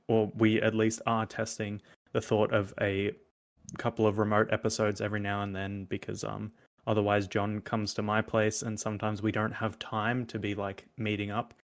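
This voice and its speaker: A young man with a lowish voice co-hosting a casual podcast. He tells stories in a loose, easygoing way and laughs often. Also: little pitch movement, moderate pace. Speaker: podcast co-host. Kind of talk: casual chat.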